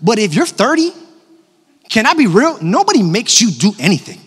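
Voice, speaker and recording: Casting: pastor, thirties, male, high voice, slightly hoarse, animated, church hall reverb. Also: moderate pace. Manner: animated, personal, jokes with the congregation. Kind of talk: sermon. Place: large church auditorium. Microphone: handheld microphone.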